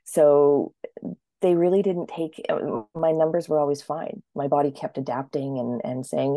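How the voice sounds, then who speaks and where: A woman in her thirties, appearing as an interview guest, tells her story in a chatty, casual way, acting out what others said with sudden high-pitched voices. Her tone is steady and mellow, her pace a little slow. The recording is dry and studio quality.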